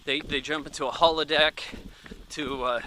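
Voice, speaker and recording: A man in his thirties talks through a film in a loose, rambling review. His voice is very bright and sharp and sits a little high, and he keeps it offhand and chatty, thinking out loud as he goes. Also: fairly even intonation, normal speed, slight background noise. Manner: offhand and chatty, thinking aloud with many fillers. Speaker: movie reviewer. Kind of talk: casual rambling movie review.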